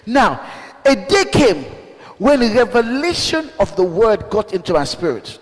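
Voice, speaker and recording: A man preaching a fiery sermon as a bishop, calling out questions to the congregation and bursting into shouts. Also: high-pitched, very animated, a little slow. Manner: call-and-response, shouting bursts, rhetorical questions. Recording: long hall reverb.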